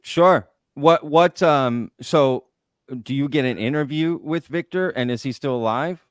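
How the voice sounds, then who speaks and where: A man hosting a casual interview, relaxed and hedging, with frequent fillers. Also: on the high side, a little slow, smooth, dry recording, studio quality. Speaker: host.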